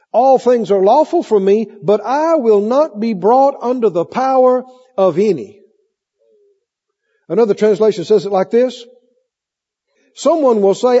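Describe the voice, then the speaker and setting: Guy preaching, high husky voice, muffled old tape, big echoey hall. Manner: lively preaching, acts out cravings in mock voices. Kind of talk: sermon. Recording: muffled sermon tape with long hall echo.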